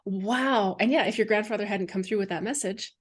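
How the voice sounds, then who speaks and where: A woman hosting an interview conversation, with a voice sitting in an ordinary middle range. She builds her questions slowly and reacts to her guest with warm exclamations. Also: medium pitch. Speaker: podcast host.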